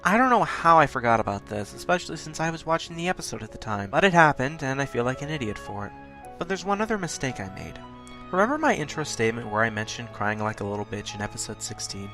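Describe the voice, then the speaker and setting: A man hosting a countdown video, talking fast with occasional stutters in a blunt, self-critical way. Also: medium pitch, sing-song, bright, forceful tone, faint music behind. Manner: talks fast, stutters at points. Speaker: YouTube countdown host. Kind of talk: scripted countdown commentary.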